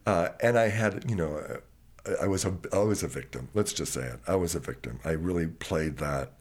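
A man from Wisconsin telling personal stories in an interview, animated and acting out other people's voices. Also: low-pitched, moderate pace, breathy edge. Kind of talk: candid personal storytelling.

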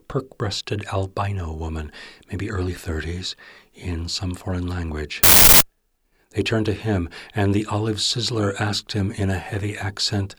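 A man's voice: sits low, husky, dry recording. A man narrating literary fiction in a wry, intimate storytelling manner.

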